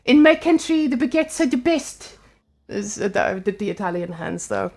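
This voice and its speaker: A woman's voice: medium pitch, sing-song, normal speed, vocal fry, a little mellow, breathy edge. Playful woman esports caster. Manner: playful, joking. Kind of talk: live game commentary.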